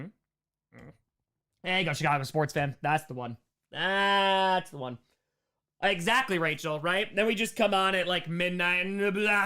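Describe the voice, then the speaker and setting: A young livestream host from New York chats through superchats in a casual Q&A, thanking donors in quick spurts. His fairly high voice swings up and down as he riffs, and he keeps the tone relaxed and upbeat.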